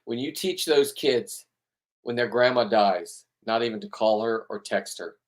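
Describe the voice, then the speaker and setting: A man's voice: mid-range voice, a little slow. Heated, profane middle-aged man ranting. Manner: heated, profane, repeats himself. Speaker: spearfishing boat captain and vlogger. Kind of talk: rambling emotional monologue.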